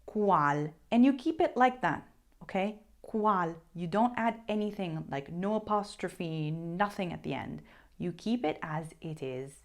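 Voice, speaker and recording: Woman language teacher, low-pitched but expressive, slow and emphatic, repeats for stress. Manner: slow, careful modeling of pronunciation. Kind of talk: language lesson to camera.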